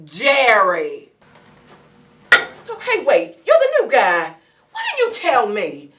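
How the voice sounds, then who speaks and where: A woman's voice: fairly high pitch, slow pace, slight background noise, heavily acted. Big, swooping, bossy supervisor , a woman in the role. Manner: bossy, animated. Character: loud, animated supervisor.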